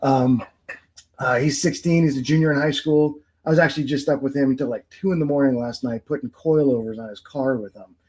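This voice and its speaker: A man's voice: mid-range voice, a little fast, a little mellow, poor audio. A man in his forties, a podcast guest, telling family stories in casual chat and laughing often.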